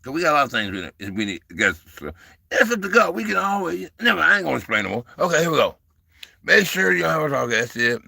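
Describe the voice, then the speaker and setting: Hosting a laid-back livestream, a man in his sixties talks like a folksy preacher, getting worked up and playful with his chat and addressing viewers as "baby" and "brother." He speaks quickly in a slightly high, sing-song voice that is creaky, bright, and forceful. The studio-quality recording is dry.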